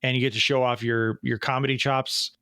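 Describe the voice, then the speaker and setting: A man's voice: mid-range voice, flat delivery, pushed and bright, clean tone, no echo. Man, 40s, podcast host, tangent-prone, mid voice, dry close recording. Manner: fast, tangent-prone, self-interrupting. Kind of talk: casual chat.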